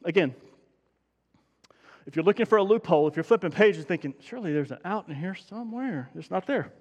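A pastor preaches a sermon in a church sanctuary, fervent and building to urgent emphasis, with frequent restarts and stumbles. His high, animated voice is fairly quick with a darkish tone, the audio is dull, and a long hall reverb fills the church.

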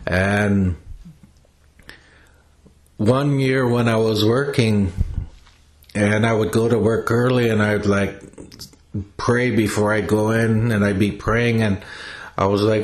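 An older man, an elder, telling personal stories in a reflective, plain-spoken way with pauses and restarts. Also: fairly low pitch. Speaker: elder sharing teachings.

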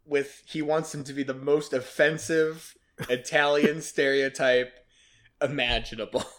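Guy hosting a movie podcast, kinda high voice, laughs a lot, joking around. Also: unhurried. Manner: laughs often, jokey and animated. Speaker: podcast host scoring predictions. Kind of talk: casual movie-review chat.

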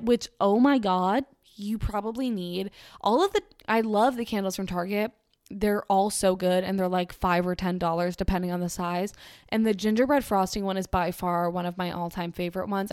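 A woman's voice: mid-range voice, darkish tone, no room sound. A young woman chats through a casual monologue, gushing and full of restarts. Her voice sits in a middle range for a woman. The recording is dry and close, with no room sound. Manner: gushing, chatty, many fillers and restarts.

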